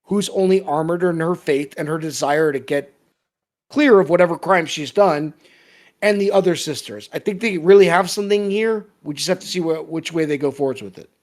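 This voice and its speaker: A co-host in a casual review chat with a mid-range voice, ranting heatedly and swearing without restraint. The delivery is forceful and fired-up. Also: medium pitch, brisk.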